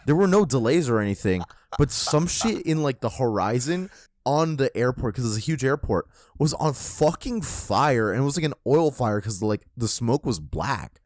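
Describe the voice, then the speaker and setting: A man's voice: medium pitch, moderate pace, dry recording. Guy cohosting a chill podcast, swears a ton, gets hyped retelling stuff, dry close mic. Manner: profane, animated retelling of a comic. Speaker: podcast co-host. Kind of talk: casual chat.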